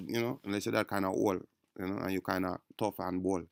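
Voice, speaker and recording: A man's voice: fairly low pitch, flat delivery, fast, creaky, darkish tone, no room sound, studio quality. A man giving rambling, slangy commentary on an interview clip, calling his listeners bro and family. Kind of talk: casual reaction commentary.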